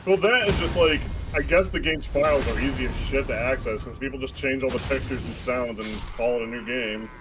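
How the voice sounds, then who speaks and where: A man's voice: mid-range voice, fairly quick, few pauses, noisy background. A man chatting casually, making short joking quips and swearing now and then. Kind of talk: casual chat.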